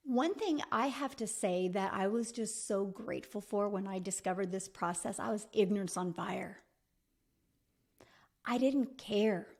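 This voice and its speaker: A woman's voice: fairly high pitch, a little mellow. A middle-aged woman giving a motivational coaching talk as a business mentor, emphatic and repetitive, speaking straight to the listener.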